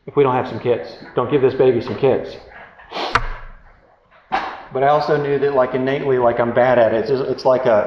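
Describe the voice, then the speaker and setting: A man giving relationship advice through a casual, candid story, self-deprecating and rambling with many fillers. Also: mid-range voice. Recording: roomy, dull sound with faint noise.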